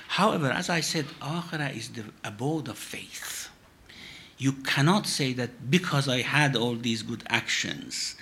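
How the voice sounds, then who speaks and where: A man, a sheikh, answering questions in a religious teaching session with measured, emphatic phrasing. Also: medium pitch, a bit bright.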